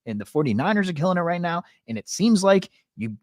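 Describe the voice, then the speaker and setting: Animated man ranting about sports. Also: high-pitched, quick pace, dry recording, clean studio sound. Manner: animated, ranting, lots of fillers. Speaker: podcast co-host. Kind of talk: casual sports chat.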